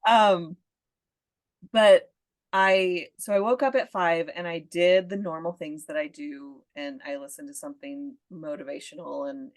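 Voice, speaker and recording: A woman hosting a coaching podcast, asking questions and chatting with a laugh. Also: low voice. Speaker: podcast host and parenting coach. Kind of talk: conversational interview.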